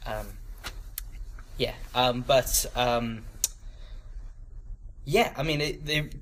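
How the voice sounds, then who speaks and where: A man's voice: mid-range voice, very slow, a bit bright, slight background noise. Young man rambling through a talk. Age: 20s. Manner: rambling, many ums and restarts, laughs at his own stories. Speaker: youth group speaker. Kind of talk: casual talk to a small group. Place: church room with a small group.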